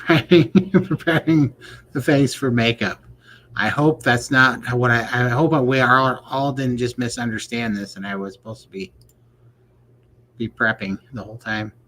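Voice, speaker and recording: A man's voice: mid-range voice, a bit bright, slight background noise, poor audio. A man co-hosting a casual livestream chat, joking in a folksy way and reading viewer questions aloud. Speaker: podcast co-host.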